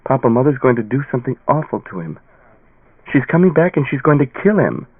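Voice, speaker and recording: A man's voice: sing-song, a little fast, slightly rough, dry recording. A man voicing an upset, stubborn teenage daughter in an audiobook, tearful and defiant. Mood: frightened. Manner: tearful, defiant and high-pitched. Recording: tinny phone-like dry sound.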